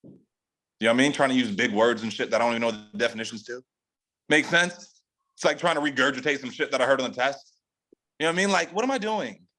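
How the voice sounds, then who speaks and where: A man's voice: fast talker, low-quality recording. A man from California hosts a team training call and delivers a laid-back motivational talk. He speaks loosely and profanely, full of filler slang, and his voice climbs sharply whenever he drives a point home. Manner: animated, rising pitch for emphasis. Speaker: sales team leader hosting a training call. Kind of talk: casual motivational pep talk.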